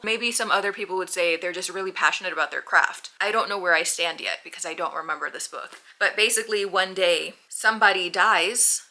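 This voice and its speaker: A woman's voice: on the low side, sharp tone. A woman book vlogger chatting casually to camera in a playful, self-deprecating way.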